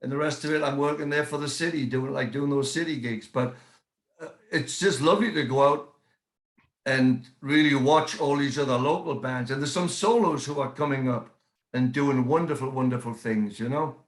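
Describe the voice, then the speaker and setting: A middle-aged man from England with a softened English accent, chatting casually as a guest on a podcast and often repeating words for emphasis. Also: medium pitch, moderate pace. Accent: English, softened by years in the United States. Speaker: guest musician and promoter. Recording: roomy echo.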